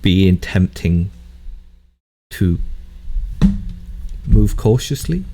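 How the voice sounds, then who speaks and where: A man runs a tabletop horror game with a slow, deliberate delivery, pausing often. His voice sits low. A faint hiss runs under the recording. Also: animated. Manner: slow, measured narration with hesitations. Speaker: keeper, narrating the game.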